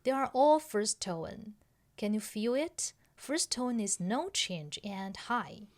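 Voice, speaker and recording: A woman's voice: mid-range voice, expressive, slow pace. A woman hosting a podcast pronunciation lesson, explaining patiently step by step and checking that listeners follow. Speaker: language teacher and podcast host.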